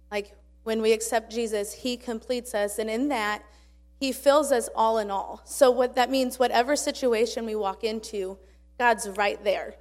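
A young woman shares a testimony in an earnest, rambling way that is full of fillers and restarts. Her voice sits a little high for a woman. It rings out with a long hall reverb around it. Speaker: church speaker sharing a testimony. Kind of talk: casual spoken testimony.

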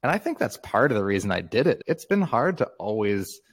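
A man's voice: fairly low pitch, very animated, fairly quick, husky, no room sound. A man in his fifties, a guest author in a casual interview, talking candidly and reflectively and laughing often.

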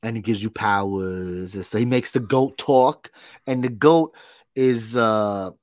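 A man's voice: on the low side, a little slow, a little mellow, no echo, studio quality. A man co-hosting a pop culture podcast, chatting casually with lots of fillers and the odd swear word. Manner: rambling, filler-heavy, profane. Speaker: podcast co-host. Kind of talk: casual chat.

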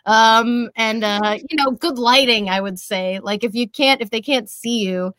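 A bubbly young woman voice actress chatting loosely in an interview and rambling through her fillers. Her voice sits fairly high. The sound is close and dry, with no room around it. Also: measured pace, a bit bright, no echo. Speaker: voice actress and social media creator. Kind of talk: casual interview chat.

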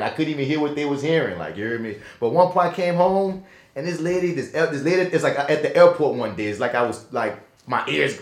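A man with a New Orleans accent, chatting casually on a podcast and telling a lively story with slang and swearing. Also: medium pitch, reverberant. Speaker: podcast co-host. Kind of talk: casual chat.

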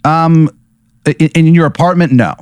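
A man's voice: on the high side, moderate pace, darkish tone, smooth, no room sound. A man hosting and telling an improvised comic hypothetical, rambling with many "like"s and "uh"s. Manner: rambling, full of "like" and "uh". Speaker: host, storyteller.

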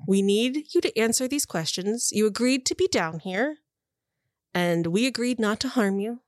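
A woman's voice: medium pitch, normal speed, no echo, close to an everyday voice. A woman voicing a short-tempered female interrogator in a tabletop game, snapping and losing patience. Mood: stern.

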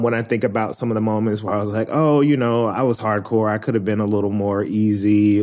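A man with a low voice, speaking as a podcast guest. He talks reflectively and thoughtfully, with many pauses and filler words as he works through his thoughts. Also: darkish tone. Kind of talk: reflective conversation.

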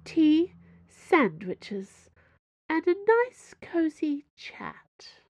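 Woman putting on a calm formal cardinal lady, polite but firm, raised pitch, dry sound. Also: extremely slow, no echo, full character voice. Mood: serene.

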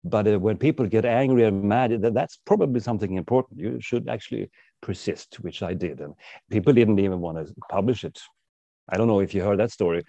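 Swedish guy chatting in an interview, kinda wry, laughs a lot, deepish voice. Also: brisk, creaky, mellow, no room sound, lo-fi sound. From Sweden. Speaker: author and guest. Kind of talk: casual interview talk.

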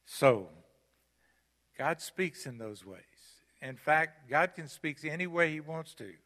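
An older guest preacher delivers a sermon in a church sanctuary, emphatic and repeating his key phrases, his slightly high voice slow, animated and fairly bright. A long hall reverb fills the recording.

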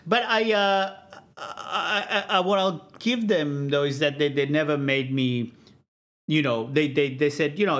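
Chatty self-mocking man, slightly high voice. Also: a little slow, fairly bright tone. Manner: rambling, self-deprecating, laughs often. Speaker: comedian guest on a podcast. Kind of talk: casual chat.

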